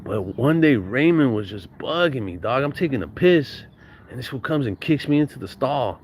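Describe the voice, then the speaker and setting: A man's voice: mid-range voice, lively intonation, normal speed, slight background noise. Slangy, profane man telling stories. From Southern California. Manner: slangy, profane, laughs often. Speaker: podcast guest storyteller. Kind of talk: casual storytelling.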